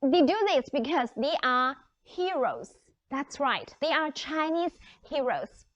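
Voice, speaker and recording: A woman's voice: high-pitched, sing-song, slow, fairly bright tone, dry recording. A woman English teacher leading a lesson, upbeat and encouraging as she asks the class questions. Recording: dry, dull lo-fi sound.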